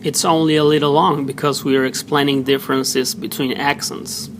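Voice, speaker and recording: A man teaching pronunciation, slowly sounding out example words one at a time. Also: mid-range voice, level tone. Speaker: language teacher. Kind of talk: slow pronunciation lesson. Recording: noisy background hiss.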